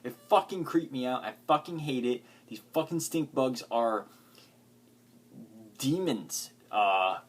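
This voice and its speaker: A man's voice: medium pitch, expressive, takes it slowly. A man vlogging, ranting agitatedly with heavy swearing and lots of filler words. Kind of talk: profane ranting vlog.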